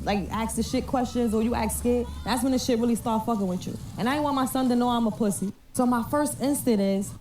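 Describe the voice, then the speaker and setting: A woman casually telling a story to camera in a profane, slangy, animated way, recorded on a distant phone mic. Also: fairly high pitch.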